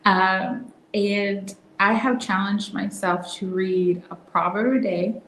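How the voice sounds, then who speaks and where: A woman hosting a casual devotional talk, soft-spoken and reflective, now and then dropping into a whisper. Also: mid-range voice, fairly even intonation, slow, roomy sound, slight background noise, poor audio. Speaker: host.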